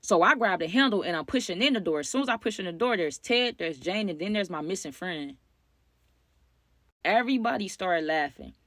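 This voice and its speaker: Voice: medium pitch, lively intonation, brisk, a bit bright, no room sound. A young adult vlogger telling a wild story to viewers in slangy, casual talk, often turning to address the audience directly. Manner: slangy, talks straight to the audience.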